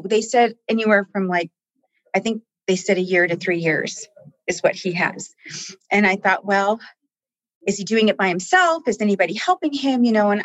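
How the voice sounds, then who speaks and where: A woman in a conversational interview, speaking earnestly and with deep feeling about the people she helps. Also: dry recording, low-quality recording. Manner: heartfelt, tearful at times, earnest. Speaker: staff member guest.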